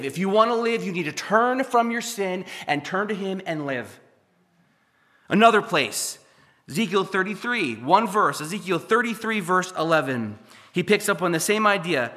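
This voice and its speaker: Man in his thirties, pastor in the pulpit, bright ringing tone, fervent and emphatic. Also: high voice, very animated, moderate pace. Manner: building from quiet to fervent, emphatic preaching. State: sweating and dry-mouthed. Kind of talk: sermon.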